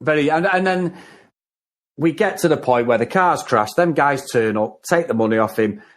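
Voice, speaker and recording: A man with a fairly high voice chats about a film in a loose, excitable way. He rambles from point to point and laughs easily. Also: normal speed. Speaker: podcast co-host. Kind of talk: casual film review chat.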